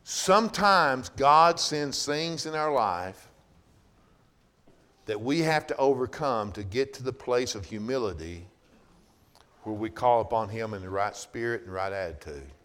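A man preaching a sermon, swinging from loud bursts down to hushed, low-voiced passages. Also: expressive, measured pace.

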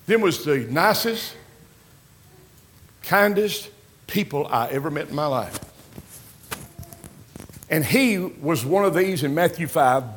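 A man's voice: on the high side, animated, takes it slowly, pauses often, fairly bright tone, husky. An older man, preaching a folksy sermon, calling out amens and building emphatic lines. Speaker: pastor.

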